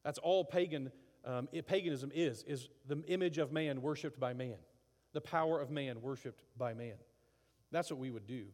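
Animated male preacher in a reverberant hall. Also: mid-range voice, normal speed. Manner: animated, acts out voices. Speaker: pastor. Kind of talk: sermon.

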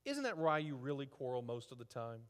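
Guy preaching in a church, casual and halting, lots of um and restarts, long echo off the hall. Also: mid-range voice, big pitch swings. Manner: conversational, halting with fillers and restarts; rising to emphatic rhetorical questions. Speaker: pastor. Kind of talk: sermon. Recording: reverberant hall.

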